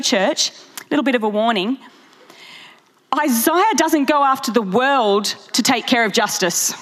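Passionate woman preacher. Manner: passionate, animated, jumps to high pitch for emphasis. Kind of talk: sermon. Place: large church hall. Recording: echoey large hall.

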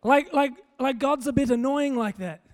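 A man preaching a sermon, telling a funny story in a relaxed, conversational way. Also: very high voice, normal speed. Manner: conversational, humorous, animated storytelling. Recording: long hall reverb.

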